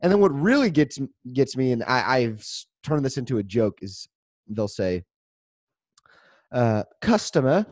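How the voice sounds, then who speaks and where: A young man co-hosting a casual chat show, animated and jokey, laughing often. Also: mid-range voice, measured pace, long pauses, dry recording, studio quality. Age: young adult. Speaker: podcast co-host.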